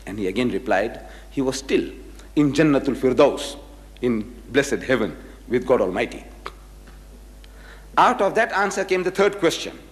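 A man giving a public lecture, telling anecdotes and acting out the quoted dialogue with animation. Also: mid-range voice. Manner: animated storyteller who acts out quoted dialogue. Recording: echoey hall reverb.

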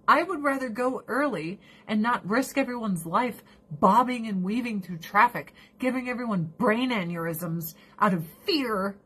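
A woman's voice: a little high, moderate pace, hardly any pauses, a bit bright, slightly rough. A woman in her forties ranting casually, profane and exasperated, laughing often. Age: 40s. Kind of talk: casual rant.

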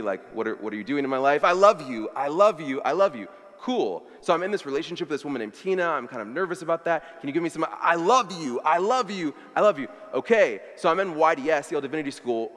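Young guy preaching, kinda high voice, super casual with lots of likes, big church reverb. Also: fairly bright tone. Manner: casual, conversational, many "like" fillers. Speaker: pastor. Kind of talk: sermon. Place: church sanctuary. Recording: long hall reverb.

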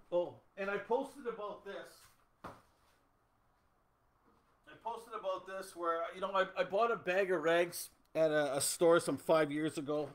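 A man's voice: fairly high pitch, fairly bright tone. A middle-aged man from Canada hosting a casual livestream, chatting loosely and answering viewer comments. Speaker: host.

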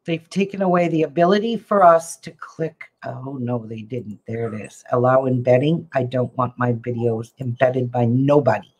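A woman's voice: rumbling low, steady tone, normal speed, hardly any pauses, darkish tone, slightly rough. A woman crafting vlogger chatting casually to the camera as she works, often muttering to herself in exasperation.

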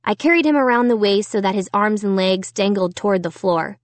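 A woman narrating a children's storybook in the first person, reading slowly and deliberately. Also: mid-range voice, lively intonation, no room sound. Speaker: audiobook narrator.

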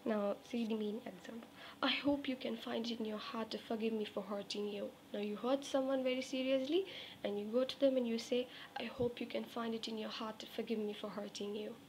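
Fairly high-pitched woman teaching English phrases. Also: steady tone, slight background noise. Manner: repeats example phrases slowly, coaxing check-ins. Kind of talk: spoken English lesson.

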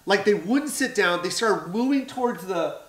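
A man, a stand-up comedian, telling animated stories in casual podcast chat, acting out quotes with plenty of swearing. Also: high voice, moderate pace. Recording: echoey room.

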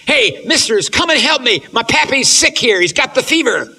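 A man's voice: very high-pitched, sing-song, moderate pace, gravelly, bright, forceful tone, voice pushed up, heavily acted. A man voicing a frightened young boy who calls out from a raft, pleading for help.

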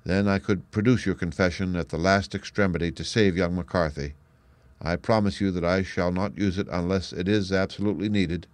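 A man reading the part of a calm, keen male detective in a measured, assured way. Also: low voice, dry recording, natural voice. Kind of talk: audiobook reading.

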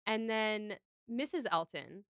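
A woman's voice: medium pitch, expressive, slow, a bit bright, smooth, no room sound, studio quality. A woman co-hosting a podcast, casually recapping a film in enthusiastic, rambling detail. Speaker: podcast co-host.

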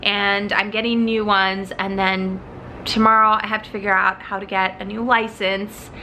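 A woman's voice: medium pitch, moderate pace, slight background noise. Chatty young woman vlogging. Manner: chatty, animated storytelling. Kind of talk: casual vlog chat. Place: home apartment.

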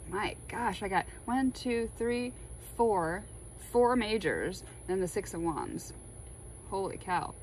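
A woman chatting casually while laying out tarot cards, excitable and full of spiritual musings. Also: mid-range voice, slow, slight background noise, rough recording. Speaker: tarot reader.

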